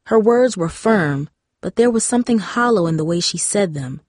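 A woman narrating a novel in a measured, steady storytelling manner. Her voice sits at a middle pitch. The close studio mic keeps it dry, with no room sound. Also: no echo. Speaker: audiobook narrator. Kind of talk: scripted narration.

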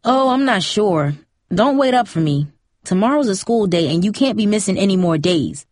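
A woman's voice: mid-range voice, lively intonation, normal speed, darkish tone, no echo, clean studio sound, lightly acted. A woman voicing an easygoing single mother who soothes her daughter casually. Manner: soothing, casual, endearing "baby".

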